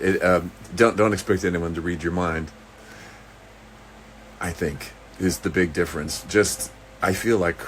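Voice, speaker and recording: A man recording a casual personal video message. He talks in a halting, rambling way with many restarts and slips into dry, dark jokes. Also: deep voice, a little hiss or hum. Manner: dry, darkly joking.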